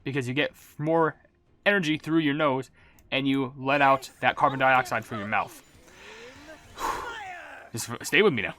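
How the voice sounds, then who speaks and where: A man casually reading out viewer comments as a gaming YouTuber, rambling and self-mocking, relaxed as if he just woke up. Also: mid-range voice, brisk. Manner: rambling, self-mocking, swaps swear words for silly substitutes; relaxed and laid-back.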